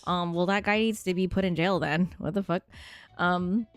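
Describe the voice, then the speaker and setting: A woman's voice: lowish voice, steady tone, moderate pace. A young woman streamer in casual chat, rambling and laughing as she reads chat aloud and answers it, swearing freely. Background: faint music.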